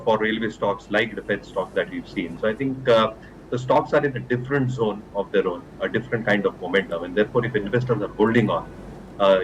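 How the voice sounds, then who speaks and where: Indian English research analyst, lowish voice, measured explanation, clear noise behind. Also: male voice. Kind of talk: remote guest commentary.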